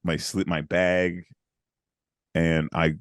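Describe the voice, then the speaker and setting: A man co-hosting a podcast, telling a story in a casual, animated way and acting out the people in it. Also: low-pitched, takes it slowly, no echo, studio quality. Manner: animated, acts out the people in his stories. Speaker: podcast co-host.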